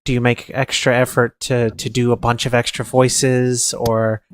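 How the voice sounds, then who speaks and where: A man hosting a podcast, asking relaxed questions and reading them out from the audience. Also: medium pitch, measured pace, smooth, dry recording. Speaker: podcast host. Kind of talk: casual interview questions.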